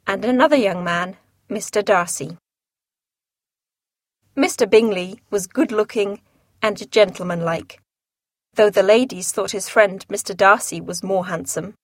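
A woman reading a classic novel aloud as an audiobook narrator, in a measured, clear storytelling manner. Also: medium pitch, no echo, clean studio sound.

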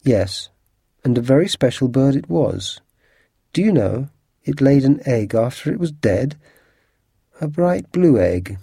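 A man reading aloud and voicing a cool, stern male detective who speaks in a measured way. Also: mid-range voice, sing-song, creaky, mellow, slightly rough, dry recording, clean studio sound, full character voice. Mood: probing.

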